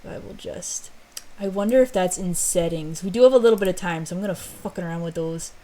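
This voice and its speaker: A woman's voice: on the low side, fast, warm tone. A woman streamer and story author in casual chat, rambling and self-mocking, with casual swearing.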